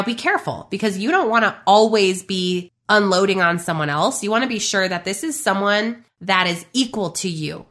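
Bright-voiced chatty woman podcaster. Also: mid-range voice. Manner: chatty and emphatic, addresses listeners directly. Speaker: podcast host and business coach. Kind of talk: casual motivational talk.

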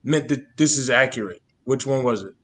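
A man hosting a casual panel discussion, laid-back and quick to laugh as he steers the talk. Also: mid-range voice.

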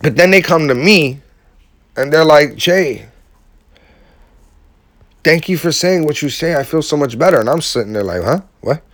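A man's voice: fairly high pitch, animated, normal speed, pauses often, a bit bright, dry recording, studio quality. A man giving a heartfelt, casual motivational talk to his viewers, using slang and emphatic repetition. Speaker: vlogger speaking to his audience.

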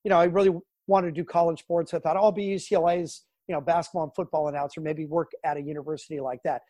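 A middle-aged man from Southern California, a sports broadcaster telling animated stories in an interview. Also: a little high, fast, dry recording. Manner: animated storyteller, acts out quotes and sounds. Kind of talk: storytelling interview.

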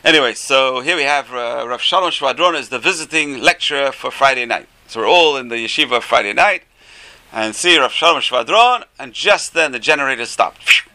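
A middle-aged or older man, a rabbi teaching a class, tells stories in an animated way with many rhetorical questions. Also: medium pitch, normal speed. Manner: animated, rhetorical questions, stretches key phrases. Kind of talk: Torah class storytelling.

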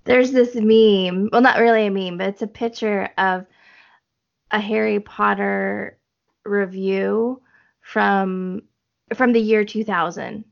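Gravelly-voiced chatty woman podcaster. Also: mid-range voice, fairly even intonation, slow, dull audio. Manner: chatty, trails off and restarts, laughs easily. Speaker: podcast co-host. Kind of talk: casual chat.

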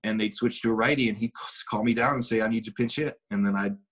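A man's voice: lowish voice, steady tone, fast talker, fairly bright tone. A middle-aged man, a former baseball player, casually telling a long anecdote with restarts and quoted dialogue. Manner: rambling, with many restarts and acted quotes.

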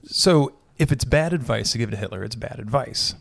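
A man's voice: mid-range voice, lively intonation, normal speed, gravelly, a bit bright, slightly rough, dry recording, clean studio sound. A man who is a pastor, in a casual conversation about faith, thinking aloud and often correcting himself.

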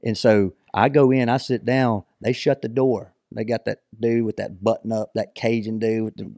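Profane, animated man telling stories. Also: lowish voice, normal speed, no echo. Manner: animated, profane, acts out quoted lines. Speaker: podcast co-host. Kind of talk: casual storytelling chat.

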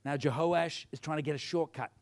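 A man's voice: on the high side, a little fast, creaky. A man preaching a sermon, retelling a Bible story and acting out the characters' lines. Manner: animated storytelling, acts out the characters.

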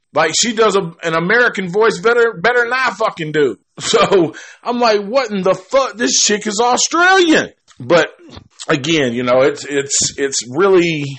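A man's voice: mid-range voice, a bit bright. Man, casual movie review, rambling, profane, lots of restarts, mid-range voice. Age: adult.

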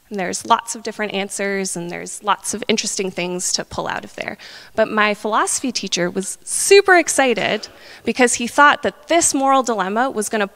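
A woman in her thirties preaching a sermon in a chatty, animated storytelling manner. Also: mid-range voice. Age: 30s. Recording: long hall reverb.

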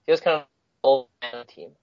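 Casting: chatty male host, mid pitch, dry and dull lo-fi sound. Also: normal speed, no room sound. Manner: enthusiastic, laughs often, rambling. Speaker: podcast co-host. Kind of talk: casual chat.

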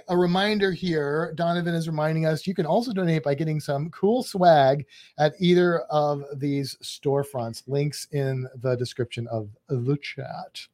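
A man's voice: on the high side, darkish tone. Chatty, jokey man on a live stream. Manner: chatty, jokey, reads chat comments aloud. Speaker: podcast co-host. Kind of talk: casual live-stream chat.

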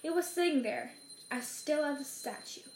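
A woman reading a story aloud in a measured way, slowing down for dramatic phrases. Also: high voice, slight background noise. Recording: roomy echo.

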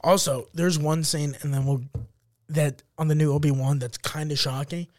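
A man co-hosting a comedy podcast, telling stories in animated, profane banter. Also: on the high side, moderate pace, no echo, clean studio sound. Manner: animated, profane, acts out scenes in goofy voices. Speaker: podcast co-host.

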